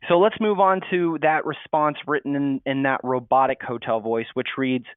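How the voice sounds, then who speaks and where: A man's voice: medium pitch, steady tone, normal speed, few pauses, smooth, dry recording. A man giving a marketing webinar presentation, explaining steadily and reading sample replies aloud. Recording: tinny phone-like audio, dry.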